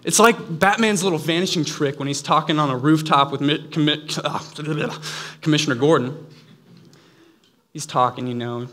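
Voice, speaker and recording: A man's voice: a little high, moderate pace, fairly bright tone. A man preaching a sermon in an earnest, conversational way, slipping in playful asides.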